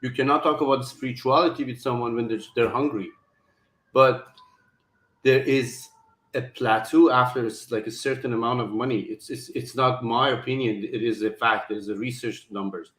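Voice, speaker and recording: A man's voice: medium pitch, fairly even intonation, normal speed, a bit bright. A man hosting a talk show, speaking earnestly in a casual conversation, with frequent restarts and hesitations. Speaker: host. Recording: roomy echo.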